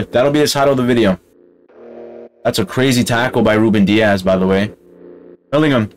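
A man commentating on his own football game matches, excitable and yelling at the screen. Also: mid-range voice, fairly quick, long pauses, soft background music. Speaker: gaming channel host. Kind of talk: gaming commentary.

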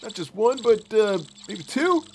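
A performer voicing an excitable, giggly male puppet who hosts a kids' game play show, laughing often and making boom and beep sounds. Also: measured pace, a little hiss or hum. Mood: giddy. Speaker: host. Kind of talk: game play commentary for kids.

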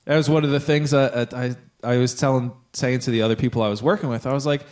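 This young man talks fast, his mid-range voice fairly even in intonation and a little mellow. As a podcast co-host, he spins a long, rambling story in casual chat, cursing freely and performing people's quotes.

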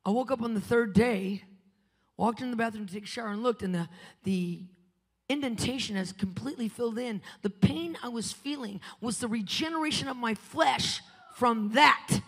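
A woman preaching a live conference sermon, telling a testimony with dramatic swings between loud and hushed delivery. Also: on the high side, moderate pace, slightly rough. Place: conference venue. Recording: preaching in a large reverberant hall.

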